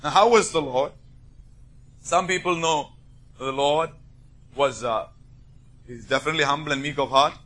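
A man preaching a sermon, emphatic and rising into forceful bursts. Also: a little high, normal speed, pauses often.

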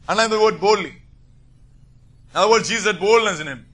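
Guy preaching, high voice, gets loud and forceful in bursts. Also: normal speed, long pauses, breathy edge. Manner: emphatic, rising to forceful bursts. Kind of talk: sermon.

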